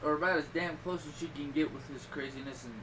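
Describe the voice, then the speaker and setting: A middle-aged man hosting a podcast, chatting casually and telling rambling stories with sudden loud bursts. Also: on the high side, fast, recorded from a distance, rough recording. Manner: rambling, animated storytelling with loud outbursts. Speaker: podcast host. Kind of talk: casual chat. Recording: voice a little off-mic with clear background noise.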